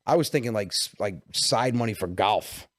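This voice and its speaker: Man in his 40s, New York Italian-American accent, low voice, dry close sound, animated storyteller. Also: dry recording. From Westchester, New York. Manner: animated storyteller, quick bursts, acts out dialogue. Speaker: comedian guest. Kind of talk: casual podcast storytelling.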